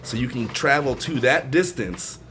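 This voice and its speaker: A man's voice: medium pitch, lively intonation, moderate pace, a bit bright, soft background music. A man co-hosting a casual podcast chat, explaining things at length with lots of fillers. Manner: rambling explainer, many fillers. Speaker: podcast co-host.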